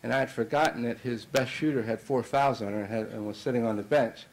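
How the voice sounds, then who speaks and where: A man's voice: medium pitch, fairly even intonation, quick pace, creaky, slight background noise, low-quality recording. A middle-aged man, a basketball coach, telling a long anecdote in a banquet speech, with many fillers and restarts. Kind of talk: anecdotal after-dinner speech.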